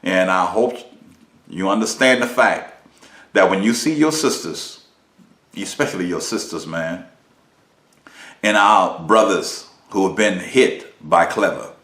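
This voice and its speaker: A man, a minister, delivering a preached lesson. He talks emphatically, uses rhetorical questions, and swings widely in pitch and volume. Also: measured pace, long pauses, a bit bright. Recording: roomy echo.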